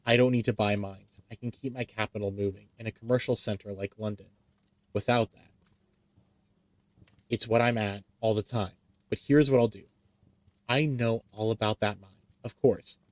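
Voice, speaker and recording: A man's voice: fairly low pitch, dry recording. A man reading a classic story aloud expressively, with occasional slips. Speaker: reader.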